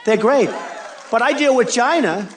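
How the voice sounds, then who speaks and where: A man's voice: very high voice, animated, measured pace. An older man giving a rally speech, boastful and repetitive, with mocking asides. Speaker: political candidate. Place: large arena. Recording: crowd in a big arena. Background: faint crowd and ambience.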